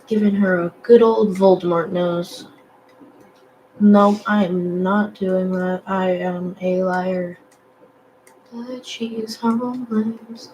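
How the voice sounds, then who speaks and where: A young woman chatting casually while she draws, rambling with lots of fillers and self-deprecating asides, in a low morning voice. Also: flat delivery, takes it slowly, dark tone, slight background noise, low-quality recording. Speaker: digital artist vlogger. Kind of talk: casual chat while drawing.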